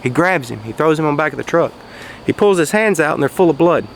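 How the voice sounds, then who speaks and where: A man telling a folksy story outdoors in a casual monologue, raising his voice for quoted shouts. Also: on the high side, animated, quick pace, vocal fry, slight background noise. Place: outdoors, quiet spot near traffic.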